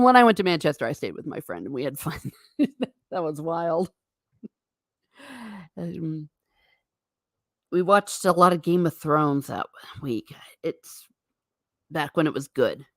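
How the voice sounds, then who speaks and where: A fairly low-pitched American woman hosts a casual livestream, chatting and laughing often as she reads out viewer comments. The studio-quality recording has no room sound.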